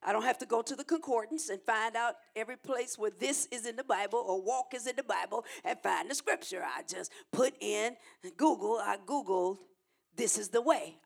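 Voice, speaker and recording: A middle-aged woman pastor preaching a sermon, shouting in rhythmic repeated phrases and calling on the congregation to respond. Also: mid-range voice, brisk, creaky.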